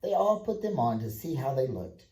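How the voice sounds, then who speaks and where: A man reading a children's chapter book aloud in plain, even storytelling with a few small slips, in an echoey room. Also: medium pitch, moderate pace. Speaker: audiobook reader.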